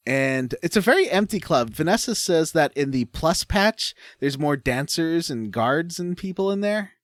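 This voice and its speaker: Man, podcast co-host, animated intonation, dry close mic, rambling with lots of uh. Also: on the high side, normal speed, no room sound. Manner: rambling, hesitant, lots of uh and restarts. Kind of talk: casual chat about a video game.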